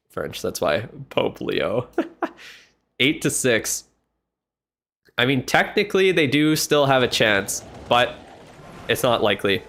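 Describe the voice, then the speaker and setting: A man streaming and commentating a match in casual live play-by-play, reacting excitably and chatting with the odd swear word. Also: mid-range voice, slight background noise.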